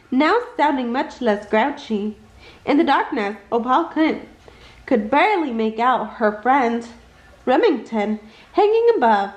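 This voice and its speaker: A woman reading a children's picture book aloud at bedtime, with an expressive delivery that leaps upward for the characters' lines. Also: a little high, measured pace, echoey room, rough recording. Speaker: storybook reader.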